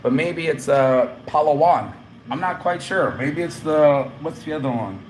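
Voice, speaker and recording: A middle-aged man vents in a loose, slangy travel vlog, cursing freely and breaking into laughter. His voice sits a little high. A faint hum of noise runs under the recording. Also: measured pace. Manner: animated, profane, laughs often, slangy. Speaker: vlogger. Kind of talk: casual travel vlog rant.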